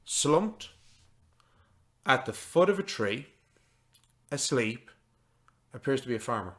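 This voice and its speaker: A man running a tabletop role-playing game, speaking at an ordinary middle pitch. His narration rambles, full of "kind of" and restarts as he sets each scene. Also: very animated, slow, a bit bright. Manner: rambling, many fillers and restarts. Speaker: game master.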